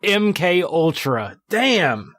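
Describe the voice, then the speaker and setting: Man, podcast co-host, fairly high voice, dry close sound, rambling, excitable. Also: very slow, no room sound. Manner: excitable, rambling, stumbling restarts. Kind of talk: casual podcast chat.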